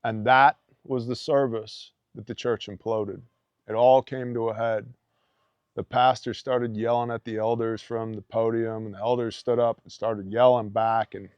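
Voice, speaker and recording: A man's voice: medium pitch, a little mellow, clean tone, no room sound. A man casually telling a personal story in a blunt, emphatic way, often tossing in "man". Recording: dull, dry lo-fi podcast audio.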